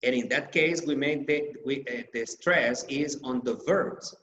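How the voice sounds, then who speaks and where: A man whose first language is Spanish, teaching English grammar from slides, slowly repeating example sentences and stressing key words. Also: medium pitch, a bit bright, dull audio, a little hiss or hum. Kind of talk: slide-based grammar lesson. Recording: echoey room.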